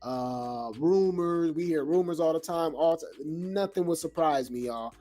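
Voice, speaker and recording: Male live-show host: loose, rambling, chatty with the audience; music playing softly behind. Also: on the high side. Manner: rambling, addresses viewers as y'all, halting restarts. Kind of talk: casual commentary to a live audience.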